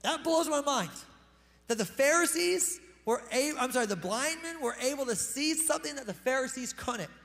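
A man preaching a sermon as pastor, animated, swinging between loud emphatic lines and quick hushed asides. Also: extremely high pitch, vocal fry, in a large hall.

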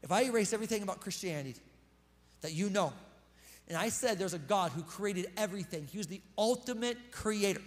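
High-voiced impassioned preacher man, long reverb. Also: expressive, a little fast. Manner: impassioned, conversational preaching that acts out quoted speech. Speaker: pastor. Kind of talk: sermon.

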